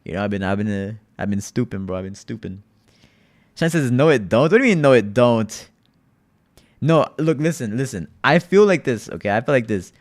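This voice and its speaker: Lively laid-back male streamer. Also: medium pitch, a little fast. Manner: laid-back, rambling, addresses chat directly. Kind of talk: casual live-stream chat with viewers.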